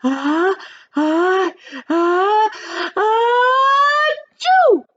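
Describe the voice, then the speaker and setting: A woman's voice: high voice, animated, moderate pace, highs cut off, voice pushed up. A woman voicing a frustrated little boy with a stuck tooth, in a whiny, exasperated way. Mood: sneezing.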